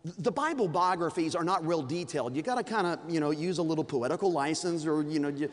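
A man's voice: fairly high pitch, fast talker. A man preaching a sermon in a folksy, humorous, conversational way, from a church sanctuary. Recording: long reverb of a large hall.

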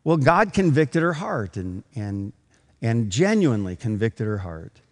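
A man's voice: medium pitch, very animated, a little slow. Man preaching in a reverberant hall. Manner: storytelling with acted quotes, builds to emphatic preaching. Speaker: pastor. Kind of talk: sermon.

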